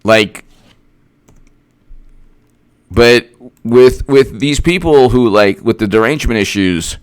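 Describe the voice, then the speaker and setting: A man's voice: mid-range voice, slow, clear, resonant tone. A man giving a casual political commentary monologue, sarcastic and rambling, often restarting his sentences.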